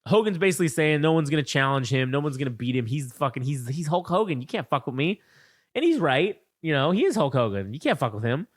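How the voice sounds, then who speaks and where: A man co-hosting a wrestling podcast, retelling a feud in excited, profane, rambling chat on a close mic. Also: a little high, fast, no room sound. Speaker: podcast co-host. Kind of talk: casual chat, wrestling recap.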